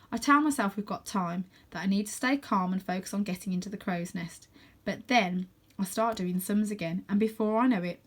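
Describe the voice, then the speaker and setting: A woman reading a children's novel aloud, with calm, steady first-person narration. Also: medium pitch. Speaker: storybook reader.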